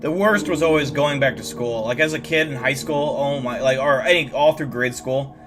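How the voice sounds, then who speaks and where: A man's voice: mid-range voice, normal speed, over music. A tired young man hosting a livestream, chatting casually with viewers in a rambling, profane way, full of restarts. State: tired, yawning. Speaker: livestream host. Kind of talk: casual chat, reacting to viewer messages.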